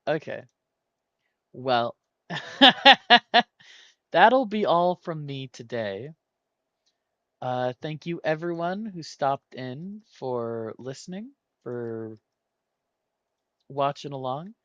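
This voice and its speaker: Male gaming host, unhurried thinking-aloud commentary, crisp bright tone, dead dry mic. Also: fairly high pitch, expressive, no room sound, lo-fi sound. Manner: thinking aloud, muttering guesses, trailing off quietly. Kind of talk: casual puzzle-solving commentary.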